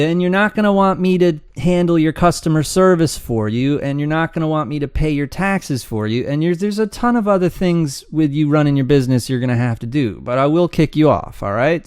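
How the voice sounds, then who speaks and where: A man's voice: a little high, clean tone, dry recording, clean studio sound. A man teaching how to start an online business in a loose, rambling way, acting out his students' complaints. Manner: rambling, animated, acts out students' voices. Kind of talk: casual screen-share teaching.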